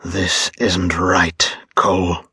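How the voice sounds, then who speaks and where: A grieving father argues in tense, clipped protest, read by a male narrator. The voice is low and husky, unhurried and dry. It is an audiobook horror read. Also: fairly bright tone, dry recording, heavily acted. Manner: tense, indignant. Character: grieving father opposing the mob's execution.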